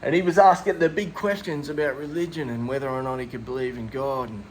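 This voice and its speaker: A man's voice: medium pitch, steady tone, quick pace, slight background noise. A middle-aged Australian man co-hosting a podcast, telling a long comic story with crude slang and laughter. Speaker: podcast co-host. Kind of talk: casual comedic storytelling.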